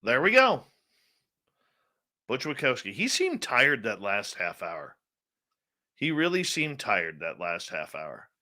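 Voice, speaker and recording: A man's voice: medium pitch, wildly swooping pitch, slow pace, long pauses, bright, forceful tone. A man hosting a radio talk show, chatting casually and reading out the live chat, sounding tired and yawning.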